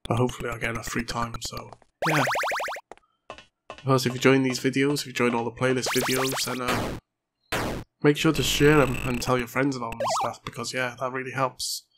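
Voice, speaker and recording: A hoarse man giving excitable, chatty let's play commentary and swearing often. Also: medium pitch, a little fast, loud music behind the voice. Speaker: gaming channel host. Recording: noisy home recording.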